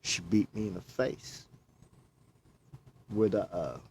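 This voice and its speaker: A man's voice: low voice, takes it slowly, creaky, a little mellow, slight background noise. A man talking casually, telling a long personal story and often quoting himself. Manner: rambling, repeats himself, quotes himself. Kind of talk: casual chat.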